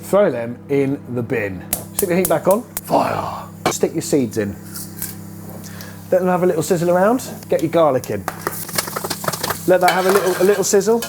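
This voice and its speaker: Cooking in a home kitchen, a man hosts a video with a slightly high voice, lively intonation, and a moderate pace broken by long pauses. His tone is casual and playful, and frying and sizzling pan noises sound clearly behind his words.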